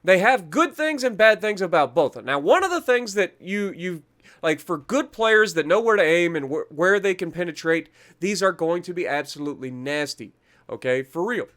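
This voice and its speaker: A man with a fairly high voice talks through game patch notes at home. He is chatty and self-mocking, trips over foreign names and drifts into small rants about the game's developers. His delivery stays loose and conversational. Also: lively intonation, normal speed, fairly bright tone. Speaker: gaming channel host. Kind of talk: casual patch-notes commentary.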